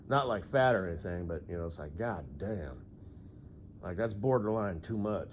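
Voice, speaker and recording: A man rambling through a solo audio monologue, full of fillers and frequent throat clearing. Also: sits low, normal speed, slight background noise. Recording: dull lo-fi recording.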